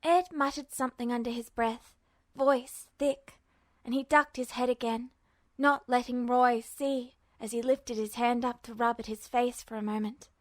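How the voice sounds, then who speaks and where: A woman reading a fanfiction story aloud as a podfic, with steady, measured narration. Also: a little high, no room sound. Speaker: podfic reader.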